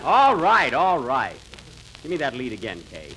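A man's voice: mid-range voice, huge pitch swings, measured pace, pushed and bright. A man hosting a 1940s radio comedy with an indignant, fussy comic delivery. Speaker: comedian host. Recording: noisy old radio broadcast.

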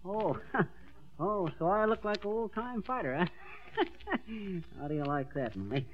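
Brief: boastful fast talker, high lively voice, muffled vintage radio. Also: male voice. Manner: brash, blustering, laughs at his own lines. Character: boastful fast-talking middle-aged husband. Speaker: comic lead. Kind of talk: 1940s radio comedy acting. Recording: dull old radio recording with faint hiss.

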